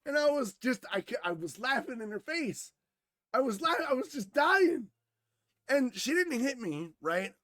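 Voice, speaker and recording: High-voiced animated male podcaster. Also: unhurried, no echo. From Wisconsin, USA. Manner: animated, swearing freely, laughing. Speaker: podcast co-host. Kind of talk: casual storytelling chat.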